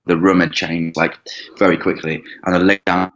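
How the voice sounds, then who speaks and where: A man telling a long personal story as an interview guest, rambling and halting, with frequent restarts and swearing. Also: low voice, flat delivery, a bit bright. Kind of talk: casual storytelling. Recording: dull lo-fi recording.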